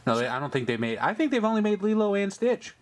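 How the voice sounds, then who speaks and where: A man's voice: high voice, sing-song, fast talker, a little hiss or hum. A man hosting a casual toy review, chatting upbeat as he points out details on each figure. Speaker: host of a toy review channel.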